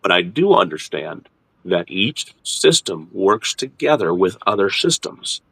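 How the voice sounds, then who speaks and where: A middle-aged man hosts a relaxed faith chat, sitting low in his voice but swinging it up and down with lots of expression. He restarts his words often as he talks, and the recording is dry and close. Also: unhurried, creaky, slightly rough, dry recording. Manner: animated, repeats and restarts words, jumps into high mock voices. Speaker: ministry host. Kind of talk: casual teaching chat.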